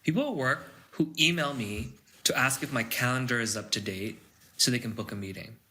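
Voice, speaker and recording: A man's voice: mid-range voice, brisk, pushed and bright. A man co-hosting a casual podcast, ranting about pet peeves and swearing freely. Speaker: podcast co-host.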